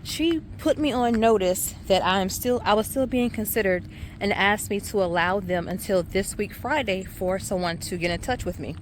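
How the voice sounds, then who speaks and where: A middle-aged woman, a high school teacher chatting casually to camera in her classroom, calling viewers y'all. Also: moderate pace, slight background noise. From Savannah, Georgia. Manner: chatty, addresses viewers as y'all, many ums. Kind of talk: casual vlog chat to camera.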